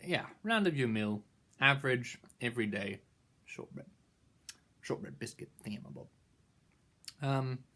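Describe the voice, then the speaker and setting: A young man rambles through a casual product review with a playful, mock-grand tone. His voice is bright and sharp, and his pitch leaps up and down all the time. He heaps jokey praise on ordinary things.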